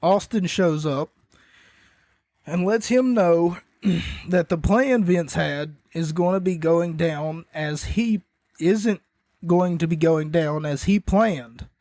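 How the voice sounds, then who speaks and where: A man's voice: fairly high pitch, takes it slowly, a little mellow, no echo. A man hosting a podcast, casually recapping wrestling in a rambling way, often correcting himself and coughing between points. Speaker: podcast host.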